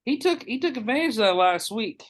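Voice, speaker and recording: A man hosting a podcast, telling a story in a casual, animated way with lots of swearing and acted-out dialogue. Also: very high voice, brisk. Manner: animated, profane, acts out others' lines. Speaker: podcast host.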